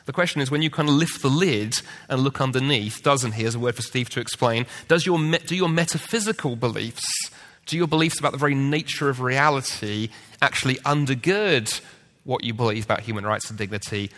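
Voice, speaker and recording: A man's voice: mid-range voice, brisk. A man on a debate panel, arguing his point and telling stories with acted-out voices. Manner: animated storyteller, acts out quoted voices. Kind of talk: public debate talk. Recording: long hall reverb.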